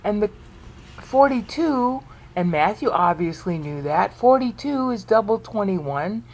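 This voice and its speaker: A woman giving an informal recorded talk on scripture, emphatic and full of rhetorical questions, reading verses slowly aloud. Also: mid-range voice, expressive. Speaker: Bible teacher.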